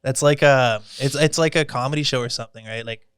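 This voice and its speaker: A male podcast host in easy conversation, eager and agreeable, often nodding along aloud. His voice sits at a middle pitch and sounds dry and close, with no room echo. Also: a bit bright, smooth. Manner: eager, agreeable, quick backchannels. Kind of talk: casual chat.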